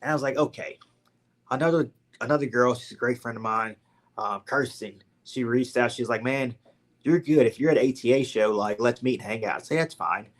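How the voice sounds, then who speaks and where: A young podcast guest from Louisiana, USA, tells his story briskly in a mid-range voice with a Southern accent. His delivery is loose and lively, full of "like" and "man."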